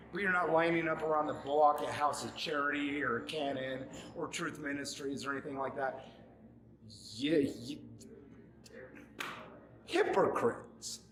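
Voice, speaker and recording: A man in his forties ranting at the camera, angry and mocking, often shouting. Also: on the high side, echoey room, poor audio. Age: 40s.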